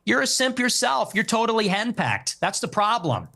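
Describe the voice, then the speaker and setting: A man's voice: sits high, big pitch swings, normal speed, gravelly, pushed and bright. A man in his twenties, a guest in a heated debate, answering with combative, dismissive retorts. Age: 20s. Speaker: interview guest.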